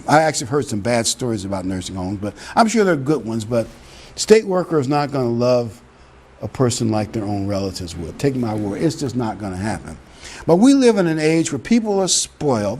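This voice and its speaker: A man's voice: mid-range voice, a little mellow, slight background noise. A middle-aged man preaching a sermon in a conversational way, with emphatic peaks. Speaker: pastor.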